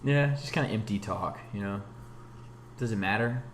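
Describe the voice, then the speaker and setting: A man's voice: fairly low pitch, moderate pace, reverberant, a little hiss or hum. A young man co-hosting a podcast in laid-back casual chat, laughing often. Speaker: podcast co-host.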